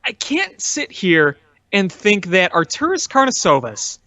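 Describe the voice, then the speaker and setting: A man co-hosting a casual sports podcast, chatty and quick to joke and laugh. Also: high voice, wildly swooping pitch, pushed and bright, no room sound. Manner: chatty, laughs easily, riffs on jokes. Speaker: podcast co-host. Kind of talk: casual sports talk chat.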